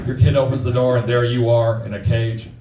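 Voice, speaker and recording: A man's voice: mid-range voice, level tone, very noisy. Brief: male stand-up comic in his forties, crude and punchy, heard from a distance in a roomy club with a laughing crowd. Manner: crude, punchy, acts out quick voices. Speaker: stand-up comedian. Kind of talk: stand-up comedy set. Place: comedy club stage before a live audience.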